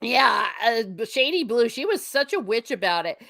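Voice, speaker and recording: A woman's voice: on the high side, very animated, moderate pace, creaky, a bit bright. A woman co-hosting a casual chat, rambling along with lots of fillers. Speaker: podcast co-host.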